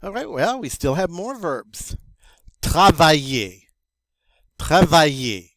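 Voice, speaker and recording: A man teaching French vocabulary as a lesson, slow and playful with little jokes along the way. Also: sits high, big pitch swings, no room sound. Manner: slow, playful, jokey asides.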